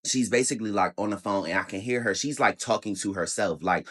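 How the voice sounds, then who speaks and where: A man's voice: lowish voice, brisk, fairly bright tone. A man telling a story in a casual rant to camera, heated and swearing a lot.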